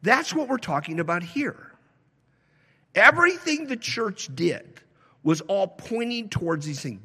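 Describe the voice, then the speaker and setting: A male pastor delivers a sermon in a fairly high, very lively voice, moving between relaxed storytelling and emphatic preaching. His voice carries a long reverb from a large church hall. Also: breathy edge. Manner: animated, conversational preaching with wide swings in pace and loudness. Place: church sanctuary.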